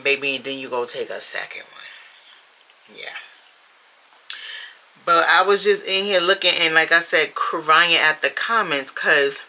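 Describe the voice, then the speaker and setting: Woman, casual home vlog, chatty, playful asides, very bright voice, faint hiss. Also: low voice, measured pace, long pauses, poor audio. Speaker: vlogger. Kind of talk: casual chat to camera. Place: home room with the heat running.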